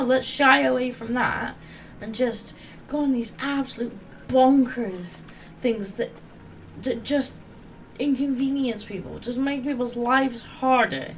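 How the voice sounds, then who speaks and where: A woman's voice: high voice, far from the mic, slight background noise, low-quality recording. A woman hosting a casual gaming chat, ranting in exasperation and swearing freely. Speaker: podcast host.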